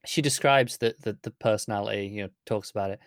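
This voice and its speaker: A man's voice: fairly low pitch, fast talker, no room sound, clean studio sound. A man co-hosting a casual podcast chat, agreeing readily and chiming in with short remarks. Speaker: podcast co-host.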